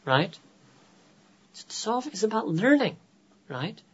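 A man's voice: sits high, measured pace, slightly rough, lo-fi sound. Man with an American accent lecturing. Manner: animated, asks rhetorical "right?" often, slips into Urdu phrases. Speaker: Islamic teacher. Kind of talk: religious lecture to a gathering.

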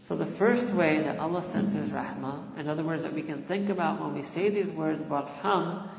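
Male preacher, fairly high voice, earnest storytelling sermon, roomy muffled lo-fi recording. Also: moderate pace, vocal fry. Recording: echoey hall, muffled lo-fi sound.

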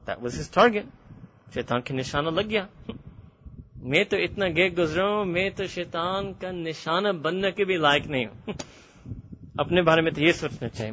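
Male Quran teacher, rapid, animated and laughing, high and bright voice, lo-fi lecture recording. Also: slight background noise. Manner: animated, laughs often, switches between English and Urdu. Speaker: religious teacher.

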